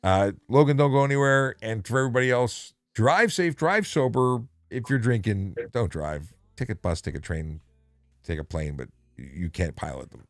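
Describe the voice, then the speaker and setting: A man's voice: fairly low pitch, normal speed, dry recording, studio quality. A man hosting a casual livestream, chatty and joking, laughing easily. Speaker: show host.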